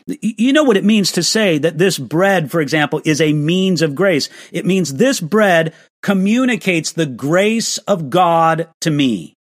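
A man's voice: sits high, a bit bright, no room sound, studio quality. A man answering viewer questions in an online live stream, earnest and restarting his sentences with small stammers.

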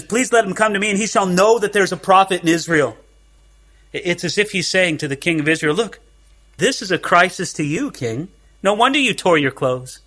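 A man preaching from the scriptures in a high, bright voice. He asks his listeners rhetorical questions and acts out the figures in the story, moving between loud stretches and near-hushed ones. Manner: expository preaching, acts out the biblical figures' words. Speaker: pastor. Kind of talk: sermon.

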